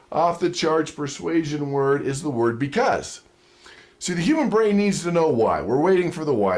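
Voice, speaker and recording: A man giving a sales training lecture, telling stories and acting out quotes with chuckles. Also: a little high. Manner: animated storytelling with acted-out quotes and chuckles. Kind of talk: lively seminar lecture.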